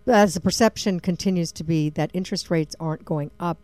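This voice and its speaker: A woman co-hosting a radio talk show, chatty and quick to laugh while reading out survey figures. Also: fairly low pitch, a little mellow, no room sound. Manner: chatty, laughs often, reads figures aloud. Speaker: radio co-host.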